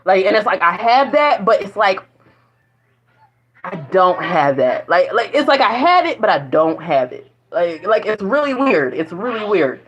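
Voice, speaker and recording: A woman talks straight to camera in a loose, wandering monologue, swearing freely and laughing between thoughts. Her voice sits at an ordinary middle pitch. The sound is dull and muffled, like a low-quality recording. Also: very animated, a little slow. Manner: rambling, profane, laughs often. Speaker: vlogger. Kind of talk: casual spiritual monologue.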